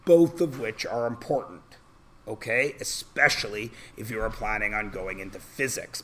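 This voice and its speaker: Slow, bright-voiced male math teacher. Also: on the low side, slight background noise. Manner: walks students through steps with questions. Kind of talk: classroom algebra review. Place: classroom.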